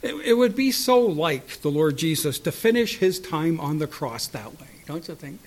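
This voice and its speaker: A man preaching a sermon, moving between loud cries and hushed asides, asking his listeners rhetorical questions. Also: on the high side, animated. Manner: slow, deliberate delivery with rhetorical questions.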